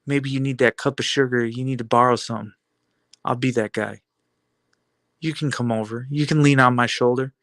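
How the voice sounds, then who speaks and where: A man's voice: medium pitch, steady tone, normal speed, a bit bright, dry recording. A man giving a defiant, taunting monologue full of rhetorical questions and repeated phrases. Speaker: video blogger.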